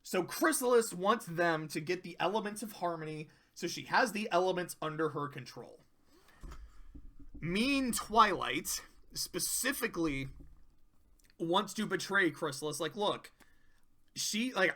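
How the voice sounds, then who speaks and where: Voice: medium pitch, expressive, measured pace, a bit bright. A commentator casually recapping cartoon episodes, rambling, swearing freely and laughing often.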